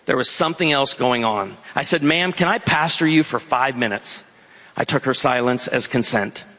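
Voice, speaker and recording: A man preaching a sermon, telling stories and slowing down for emphatic points. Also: mid-range voice, sharp tone, a little hiss or hum. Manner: storytelling preacher, shifting between quick asides and slow emphatic lines. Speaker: pastor. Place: large hall before an audience. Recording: long hall reverb.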